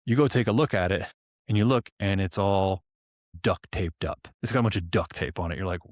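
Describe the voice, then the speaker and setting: Fast-talking low-voiced man telling a story. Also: no echo, studio quality. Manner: storytelling, acting out both sides of the dialogue; informal, many "like" fillers and restarts. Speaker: podcast co-host. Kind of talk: casual podcast explanation.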